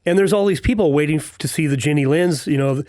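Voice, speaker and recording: A middle-aged man hosts a relaxed interview with a fairly high voice. He chats easily and drops in short reactions. His sound is dry and close, with no room echo. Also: fast talker. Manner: chatty, frequent short reactions. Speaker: podcast host. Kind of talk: casual interview chat.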